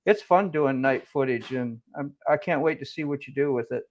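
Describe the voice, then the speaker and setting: A man's voice: mid-range voice, moderate pace. A man in a live stream chat, speaking politely and offering caring well-wishes to a friend.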